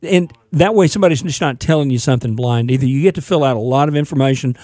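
Guy giving plain car-buying tips on a radio show, relaxed mellow voice, dry studio. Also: mid-range voice, quick pace, no echo. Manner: plainspoken, advice-giving, frequent fillers. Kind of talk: casual radio talk.

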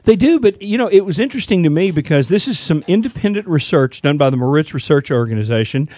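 A man's voice: fairly high pitch, animated, quick pace, darkish tone, no room sound. A man co-hosting a radio talk show, joking with colleagues and explaining survey findings. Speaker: radio co-host. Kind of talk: casual radio chat.

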